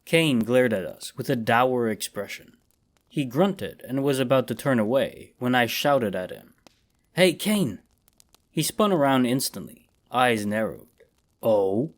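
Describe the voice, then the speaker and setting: A man reading a horror story aloud in a measured, dramatic narration. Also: medium pitch, expressive.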